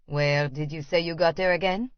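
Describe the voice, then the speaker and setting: A woman voicing a leering wealthy man who has a hint of a French accent and a smooth, insinuating way of talking. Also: low-pitched, fairly even intonation, moderate pace, no room sound, muffled recording, pitched below the performer's own voice, close to an everyday voice.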